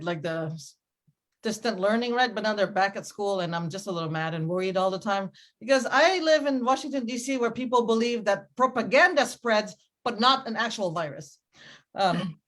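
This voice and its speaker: A middle-aged woman doing a stand-up set on a club stage, rambling and breaking off into giggles. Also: medium pitch. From Cambodian family. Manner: rambling, self-interrupting with giggles. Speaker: stand-up comedian. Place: comedy club stage with audience.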